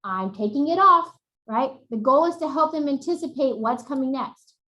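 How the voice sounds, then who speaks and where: A woman presenting a webinar, demonstrating routines in an animated way, recorded on a webcam at home. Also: high voice, normal speed, reverberant, rough recording. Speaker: workshop presenter.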